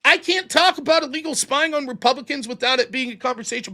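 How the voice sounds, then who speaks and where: An American man hosting a political livestream, ranting in an exasperated, profane, animated way. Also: extremely high pitch, fast. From United States. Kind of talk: ranting commentary.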